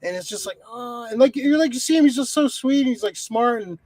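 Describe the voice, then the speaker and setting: A man's voice: very high-pitched, expressive, quick pace, a little mellow, no room sound. A man co-hosting a podcast, reviewing a movie in rambling, profanity-laced casual chat full of fillers. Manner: swears a lot, rambling with many fillers. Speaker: podcast co-host.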